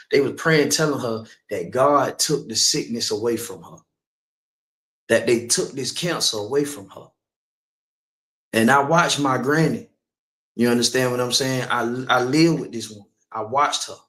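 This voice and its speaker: A man's voice: medium pitch, fairly bright tone, reverberant. A man preaching in the street, telling a personal story with emphasis and asking listeners again and again whether they understand.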